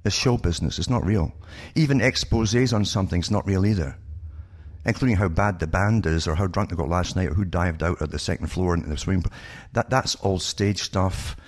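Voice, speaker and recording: An older man with a low voice speaks briskly as a guest in a conversational radio interview. He tells stories from his past in a knowing, matter-of-fact way.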